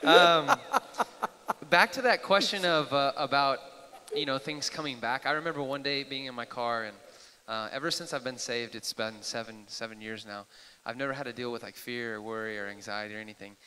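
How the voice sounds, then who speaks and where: A man hosting a live church question-and-answer session, eager and excitable, with quick apologetic asides. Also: mid-range voice, slight background noise. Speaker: host. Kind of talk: live Q&A sharing. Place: church hall, live audience. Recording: echoey hall.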